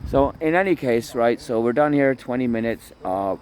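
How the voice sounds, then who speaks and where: A man's voice: medium pitch, lively intonation, normal speed, darkish tone, a little hiss or hum. A man talking casually to his phone camera while walking by water in a park, rambling, swearing and repeating himself. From Toronto area. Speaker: vlogger. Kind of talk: casual outdoor vlog monologue. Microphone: phone camera held by himself.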